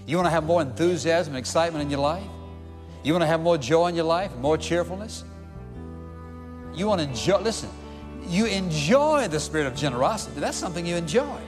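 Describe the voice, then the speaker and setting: Pastor preaching in an echoing hall. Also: male voice, fairly high pitch, expressive, fairly quick, over music. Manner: emphatic, preaching with repeated rhetorical questions. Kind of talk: sermon.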